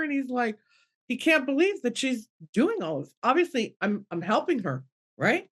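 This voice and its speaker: A middle-aged woman, a guest medium, telling an emotional personal story in an earnest way. She acts out dialogue with a rising voice and drops low and soft when she is moved.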